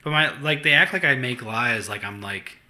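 A man's voice: mid-range voice, bright, forceful tone. A man hosting a casual podcast chat, rambling and joking with friends. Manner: rambling, jokey, quick banter. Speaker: podcast host.

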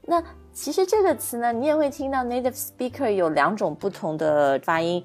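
A woman's voice: on the high side, moderate pace, hardly any pauses, darkish tone. A woman co-hosts a bilingual podcast lesson. She explains pronunciation patiently and keeps checking that listeners follow. Faint music sits under her voice. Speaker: English pronunciation teacher, co-host.

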